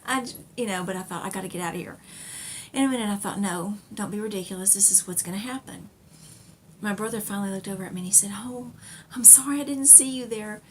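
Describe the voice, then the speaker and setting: A woman's voice: mid-range voice, fast talker, slight background noise. Chatty woman telling a personal story. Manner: chatty, rambling, with fillers and laughs. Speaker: knitting podcast host.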